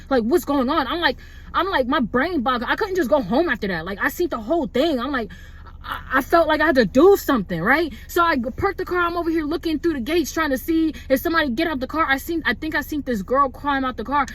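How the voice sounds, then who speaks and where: A young woman vlogger telling a personal story in a casual, rambling way, full of "like" and "bro". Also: high voice. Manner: rambling, animated, lots of "like" and "bro".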